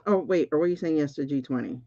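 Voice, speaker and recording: Woman, spiritual reader, excitable, casual livestream, dry close sound. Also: low voice, fast talker, dry recording, lo-fi sound. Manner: excitable, keeps repeating "hold on". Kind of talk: casual livestream card reading.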